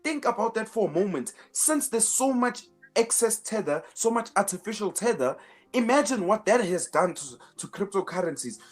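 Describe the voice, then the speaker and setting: A man's voice: high voice, animated, normal speed, faint music behind. A man hosting a finance show in casual commentary, emphatic, repeating words as he builds each point, with sarcastic asides.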